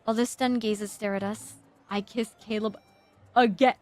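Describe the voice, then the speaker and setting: A young woman streaming a game, gushing and stammering with excitement as she reads the story aloud at a desk microphone. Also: on the high side, normal speed, faint music behind. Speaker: VTuber streamer. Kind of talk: game playthrough with reaction and read-aloud narration.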